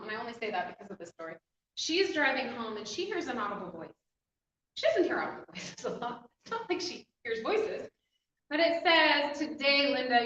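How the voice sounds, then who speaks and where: A woman with a bright, higher-pitched voice tells a heartfelt personal story, animated and quick to laugh. She sounds far from the mic in a very echoey room, and the recording is slightly dull with faint background noise. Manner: animated, emotional storyteller who laughs often. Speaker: inspirational speaker. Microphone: distant mic.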